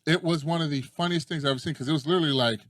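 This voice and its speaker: A man's voice: a little high, racing, no room sound, studio quality. A man in casual chat, telling stories with lots of energy, acting out quotes and swearing freely. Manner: animated storyteller who acts out quotes and swears freely.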